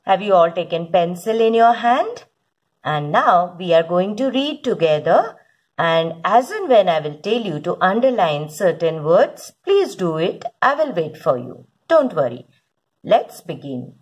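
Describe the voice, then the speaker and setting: A woman's voice: on the low side, big pitch swings, unhurried, breathy edge. A woman teacher reads a storybook aloud word by word to young children and gives patient, repeated instructions. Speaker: kindergarten English teacher.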